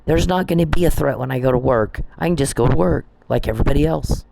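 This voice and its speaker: A vlogger with a fairly high, quick voice, vocal fry and background noise behind him launches into an angry, profane rant. He confronts the people he blames head-on, often repeating and restarting his phrases.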